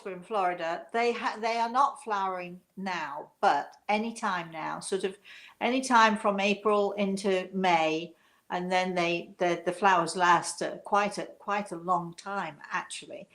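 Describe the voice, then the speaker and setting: A woman's voice: fairly low pitch, a bit bright. An older woman from England hosting a show, chatting casually and rambling with many fillers. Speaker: show host, medium.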